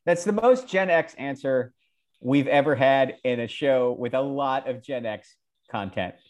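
A man in his forties co-hosting a casual podcast chat, teasing and playful and quick to laugh. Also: medium pitch, a little mellow. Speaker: podcast co-host.

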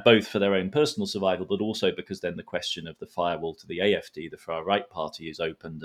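Low-voiced man explaining at length. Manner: explanatory, uses analogies. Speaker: expert guest. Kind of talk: analytical podcast discussion.

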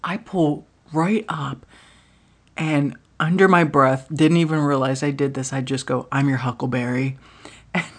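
A woman hosting a podcast, telling a comedic personal story with lots of swearing, dropping into hushed asides and jumping to loud bursts. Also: low-pitched. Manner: profane, dramatic, swings between hushed asides and loud bursts. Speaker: podcast host.

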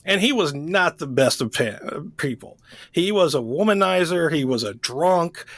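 A man co-hosting a book podcast in relaxed chat. He rambles and corrects himself as he goes, in a somewhat high voice. The recording is dry and close. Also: moderate pace, dry recording. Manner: rambling, self-correcting, laughs easily. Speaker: podcast co-host. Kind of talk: casual chat.

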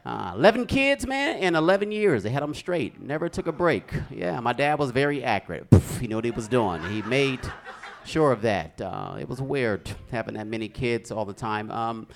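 A man doing stand-up comedy, telling animated stories with sound effects on stage. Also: medium pitch, moderate pace, vocal fry.

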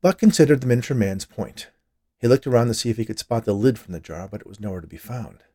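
A man hosting his own podcast and narrating a short story, expressive and voicing characters. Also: mid-range voice, fast.

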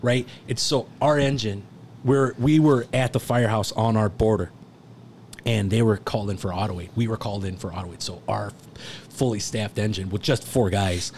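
A man's voice: fairly low pitch, steady tone, moderate pace, darkish tone, a little hiss or hum. A man in his thirties, a firefighter guest telling a story in a loose, profane, rambling way and laughing often. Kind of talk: casual storytelling.

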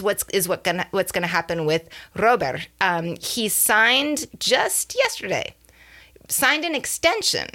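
Woman cohosting a chatty podcast, kinda gravelly, bright, laughs a lot. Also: mid-range voice. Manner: chatty, laughs often, self-correcting. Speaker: podcast co-host. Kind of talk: casual chat about baseball.

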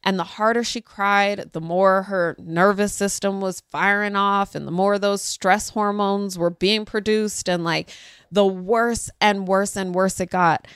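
A woman hosts a parenting talk in a casual storytelling way. Her pitch leaps high whenever she acts out what someone said. The recording is close and dry. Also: a little slow, clear, resonant tone, dry recording. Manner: animated, acts out quoted voices with pitch jumps. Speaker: parenting podcast host.

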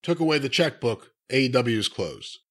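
A man's voice: medium pitch, lively intonation, moderate pace. A man co-hosting a podcast in casual chat, needling his partner with dry, teasing humor. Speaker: podcast co-host.

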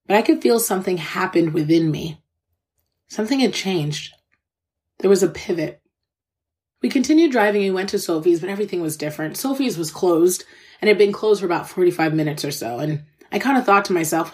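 A woman's voice: lowish voice, lively intonation, normal speed, darkish tone. A woman hosting a podcast, telling a personal story in an earnest, candid, conversational way, speaking straight to her listeners and openly moved by what she recalls. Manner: faith-filled, conversational, addresses listeners directly. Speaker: podcast host.

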